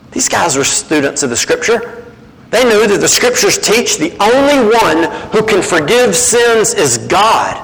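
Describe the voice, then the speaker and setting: High-pitched preacher guy, swoops up and down, slow, reverby hall. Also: vocal fry. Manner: animated, acts out quoted voices. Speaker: guest preacher. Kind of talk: sermon.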